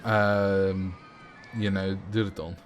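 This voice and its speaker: A man's voice: low-pitched, flat delivery, takes it slowly, a little hiss or hum. Man, Dutch accent, casual livestream talk, rambling, filler-heavy. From Netherlands. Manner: chatty, rambling, reacts to chat with fillers. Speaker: streamer.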